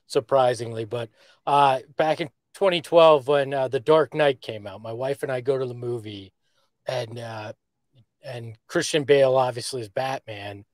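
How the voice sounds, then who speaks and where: A man's voice: mid-range voice, moderate pace, no echo. A man co-hosting a sports podcast, chatting casually and joking around. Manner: jokey, does character voices. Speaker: podcast co-host.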